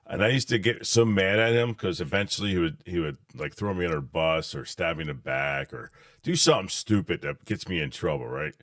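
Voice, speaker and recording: A man hosting a casual chat, telling animated stories and laughing often. His voice is very low. The sound is dry. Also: brisk, no echo. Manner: animated storyteller, laughs often, calls people dude. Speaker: podcast host.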